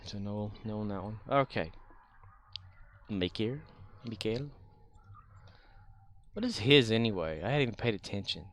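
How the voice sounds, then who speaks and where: A man's voice: on the low side, expressive, a little slow, pauses often. A man streaming a game, thinking aloud and muttering, with offhand swearing. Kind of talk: casual gameplay commentary.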